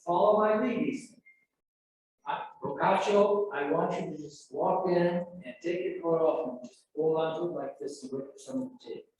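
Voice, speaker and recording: An older man with a high voice tells a lively story to an audience, acting out voices and sounds as he goes. He is recorded from a distance in a very echoey room with faint background noise. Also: normal speed. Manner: animated, acts out quoted voices and sound effects. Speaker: storyteller at an alumni event. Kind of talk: anecdotal storytelling. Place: event room.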